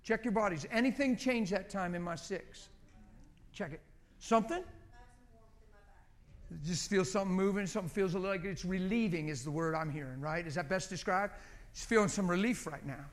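High-voiced preaching man. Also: moderate pace. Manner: exhorting, conversational, repeats short commands. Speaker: pastor. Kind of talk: sermon leading group prayer.

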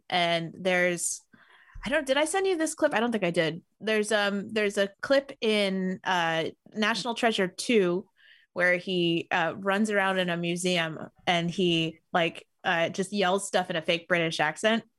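A woman's voice: fairly low pitch, measured pace, a bit bright, dry recording, studio quality. A woman co-hosting a casual movie podcast, chatty, laughing often, with lots of ums. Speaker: podcast co-host. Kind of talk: casual movie-review chat.

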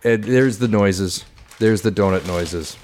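A man's voice: fairly low pitch, a little slow, a little mellow, slight background noise. A man hosting a podcast, chatting casually and enthusiastically with friends. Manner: enthusiastic, rambling. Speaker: podcast host. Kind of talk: casual chat.

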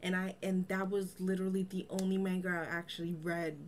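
A woman's voice: fairly low pitch, a little fast, a little hiss or hum. A woman co-hosting a podcast, chatting casually and animatedly. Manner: chatty, animated, laughs easily. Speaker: podcast co-host. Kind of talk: casual chat.

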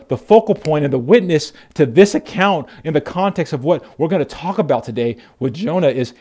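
A man preaching a sermon as pastor, animated storytelling with frequent restarts. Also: fairly high pitch.

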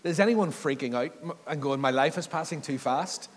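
A man's voice: fairly high pitch, brisk. A man, preaching a casual sermon, joking and asking the congregation questions. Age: 30s. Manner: chatty, joking, asks the crowd questions. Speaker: pastor. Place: church hall. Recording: long hall reverb.

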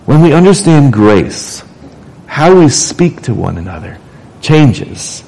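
Man, pastor preaching, mid-pitched voice, conversational, frequent restarts. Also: sing-song, slow pace, gravelly, a little mellow, rough recording. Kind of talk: sermon.

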